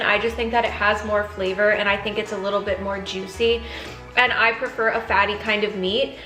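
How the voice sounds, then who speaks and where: A woman's voice: a little high, pushed and bright. Upbeat woman reviewing food, echoey room. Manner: enthusiastic, tasting food between lines. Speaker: food vlogger.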